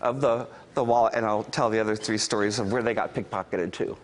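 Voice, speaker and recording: A man who is a guest on a talk show, telling funny stories in an animated way and jumping into high squealing punchlines. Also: a little fast. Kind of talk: comic storytelling on a talk show.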